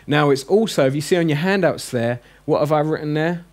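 A man teaching a class of adults, chatty and joking as he drills each sound slowly and quizzes the room. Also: a little high. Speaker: Greek teacher. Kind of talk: classroom lesson. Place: classroom with a group.

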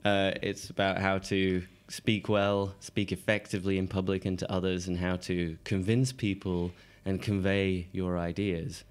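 Male podcast co-host, hoarse with a cold, deep and croaky, jokey rambling chat. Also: little pitch movement, measured pace, few pauses. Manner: joking, laughs often, rambling asides.

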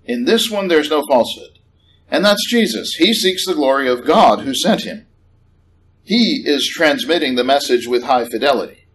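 A man preaching a sermon in a church, conversational and animated, rising in pitch on questions. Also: normal speed, slight background noise, poor audio. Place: church hall.

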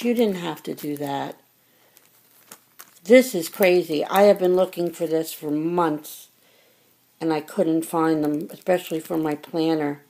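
Gravelly-voiced woman gushing over fan mail. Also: lowish voice, dark tone. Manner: effusive and grateful, gets choked up. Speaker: vlogger opening fan mail. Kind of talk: casual chat to camera.

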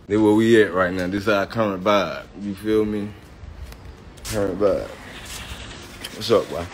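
A man chatting casually in a home vlog as a father and vlogger, with relaxed, slangy talk full of "cuz" and "you feel me". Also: low-pitched, unhurried, pauses often, noisy background.

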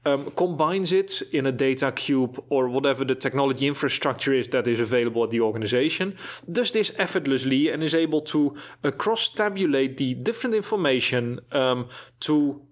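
A man's voice: mid-range voice, brisk. A man presenting a professional training webinar, explaining carefully with frequent fillers and repeated words.

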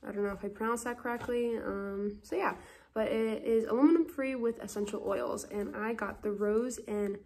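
A woman's voice: fairly high pitch, steady tone, moderate pace, a little mellow. A young woman chatting casually in a beauty vlog, talking to the camera with fillers and small laughs. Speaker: beauty vlogger.

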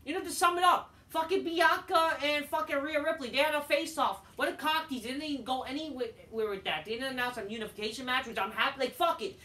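A man's voice: very high voice, a little fast, few pauses, sharp tone. A man giving a casual solo review of a wrestling show, ranting and swearing a lot and repeating his points. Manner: profane, ranting, repeats himself. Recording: echoey room, distant mic, faint noise.

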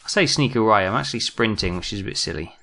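A British man talks through a survival game in a low, gravelly voice with a sharp, bright edge. He mutters to himself, jumpy and self-mocking, as he plays. Casual let's-play commentary. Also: lively intonation, quick pace. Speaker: gaming commentator.

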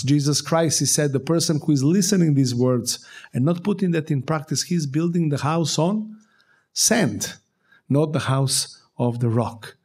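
Man, preacher, sermon, earnest exhortation, mid pitch. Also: a little mellow. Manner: earnest exhortation with short repeated commands. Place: church service.

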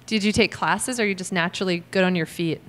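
American woman comic, quick joking crowd work, self-mocking, small live room. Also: on the low side, fairly bright tone. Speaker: comedian working the crowd.

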